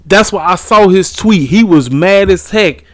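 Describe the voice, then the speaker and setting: A man's voice: sits high, expressive, a little slow, no echo. A man hosting his own wrestling review channel, ranting in a blunt, emphatic, casual way.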